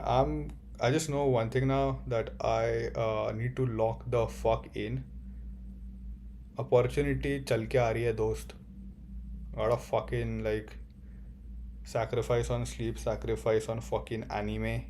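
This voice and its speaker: Gravelly, profane young man. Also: medium pitch, unhurried, long pauses, a little hiss or hum. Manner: profane, excitable, rambling, with sudden outbursts. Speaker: job-hunting student. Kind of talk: comedic monologue.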